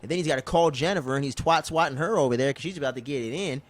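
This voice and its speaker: Man in a loose, profane recap chat. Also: fairly high pitch. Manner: loose, profane storytelling with quick character impressions. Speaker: podcast co-host. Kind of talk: casual episode recap chat.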